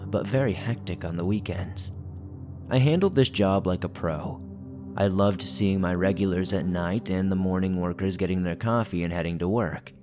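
Deep-voiced man narrating horror stories. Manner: steady, measured storytelling. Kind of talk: scripted horror story narration.

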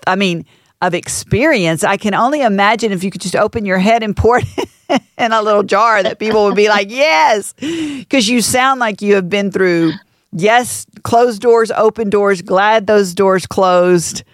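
A woman hosting an interview, admiring and chatty, with light laughs between her phrases. Her voice is of middling pitch. The sound is dry and close. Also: normal speed, no echo. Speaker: host. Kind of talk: casual interview talk.

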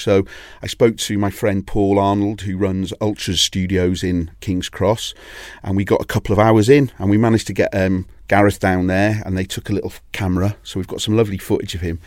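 This man from Wales has a low, somewhat mellow voice with little pitch movement, talking fairly quickly with few pauses. The studio-quality audio has no room sound. He's a DJ and label owner in a casual interview, spinning long anecdotes full of restarts.

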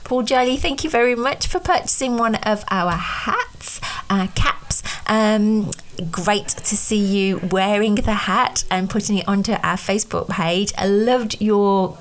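A woman's voice: medium pitch, measured pace. A woman co-hosting a podcast in casual chat, talking with lots of "um" fillers. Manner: chatty, with many fillers. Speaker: podcast co-host.

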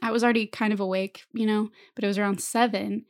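A young woman co-hosting a podcast tells stories in casual, chatty conversation, laughing often. She talks fast with a medium-pitched, steady voice.

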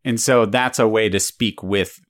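A woman's voice: extremely low pitch, steady tone, moderate pace. A woman interviewing a child in a casual chat, patiently restating the answers to check she has understood.

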